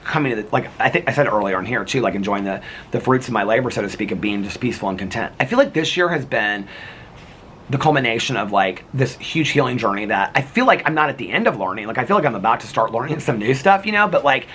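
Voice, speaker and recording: Animated man rambling in a vlog. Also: mid-range voice, fast talker, slight background noise. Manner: rambling, full of "like" and restarts. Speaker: vlogger. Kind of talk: casual reflective vlog monologue.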